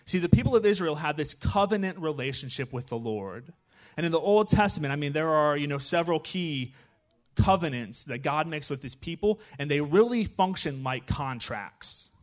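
A man giving a casual, conversational sermon in a church, chatty and animated, often checking in with his listeners. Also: fairly high pitch, normal speed. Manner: chatty, animated, with frequent "right?" asides. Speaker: guest preacher.

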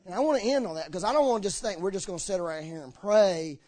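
A man's voice: high voice, fast. A man preaching a sermon in church, telling stories and acting out the people he quotes, with slurred words. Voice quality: slurs his words. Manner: animated storytelling, acts out quoted voices.

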